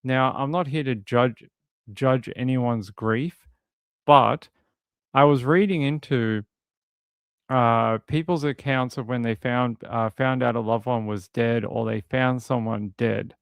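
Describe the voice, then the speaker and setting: A man's voice: medium pitch, slow pace, gravelly, smooth, no room sound. A man giving casual livestream commentary on a case, talking in a rambling, conversational way and reading out viewer comments. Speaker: true crime streamer.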